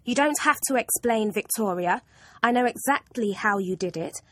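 A woman's voice: on the high side, animated, moderate pace, fairly bright tone, no room sound. A woman voicing a stern, smug female maths teacher who speaks in a cold, accusing, clipped way.

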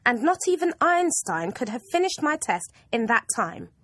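A smug, stern female teacher speaks in a cold, clipped, accusing tone with a breathy edge, as a woman reading a storybook puts her on. Her lively pitch rises to scold and then sinks to icy satisfaction. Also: normal speed, no room sound.

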